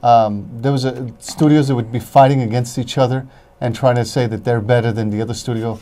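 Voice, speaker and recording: A man co-hosting a casual chat about movies and TV, halting and searching for words. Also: medium pitch, steady tone, dark tone. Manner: halting, searches for words, chimes in with short replies.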